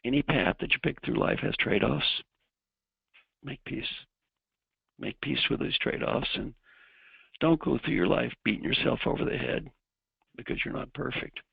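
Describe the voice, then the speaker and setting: Keynote speaker, motivational, raspy and husky, direct with the audience. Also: male voice, medium pitch, lively intonation, moderate pace, long pauses, no room sound, highs cut off. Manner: direct, coaching the audience through exercises. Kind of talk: motivational talk.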